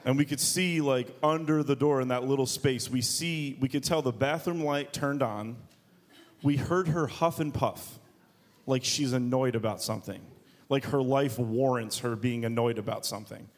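A man's voice: mid-range voice, normal speed. Joking man preaching a sermon. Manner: joking, conversational storytelling. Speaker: pastor.

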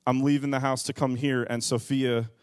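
A man in his thirties preaching a sermon as a pastor, telling family stories with animated swings in loudness. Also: mid-range voice, moderate pace, dry recording, clean studio sound. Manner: storytelling, animated with rising shouts.

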